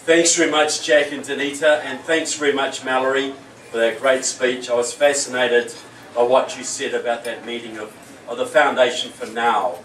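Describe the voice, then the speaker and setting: A man's voice: medium pitch, flat delivery, normal speed, background noise. A man with a New Zealand accent giving a keynote speech at a political rally, telling jokey stories and then speaking earnestly. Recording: echoey hall, voice from far off.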